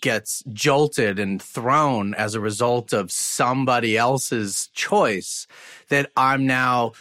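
Brief: male podcast host, bright forceful tone, affirming and reflective. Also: medium pitch, slow. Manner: attentive, affirming, summarizes back to check understanding. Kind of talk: conversational interview.

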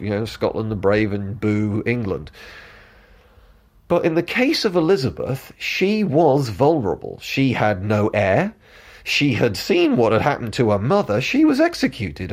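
Male history commentator, casual and chatty, mid pitch, rambling asides. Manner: chatty and digressive, with quick asides.

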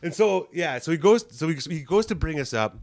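A man's voice: on the high side, a little fast. A male comedian tells an anecdote in an easygoing, loose way. He laughs a lot, trips over his words and piles on fillers, and he slips into other people's voices for the quotes. The recording is close and dry, with no room echo. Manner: animated, laughs often while telling an anecdote; rambling with many restarts and "like" fillers. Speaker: stand-up comedian. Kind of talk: casual storytelling chat.

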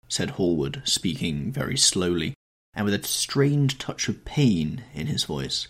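A man narrating a classic novel as an audiobook, in measured, low-key storytelling. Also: very animated, fairly bright tone. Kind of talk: scripted narration.

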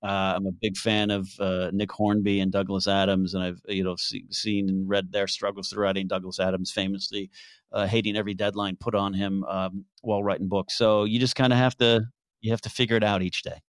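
A man's voice: sits low, level tone, a little fast, dry recording, clean studio sound. A man, a guest author answering interview questions in a casual, hesitant way with many fillers and restarts.

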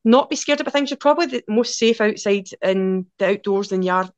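A Glaswegian woman in her forties, a podcast guest telling casual, lively stories in quick run-on anecdotes. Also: mid-range voice, dry recording, lo-fi sound. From Scotland. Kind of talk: casual storytelling.

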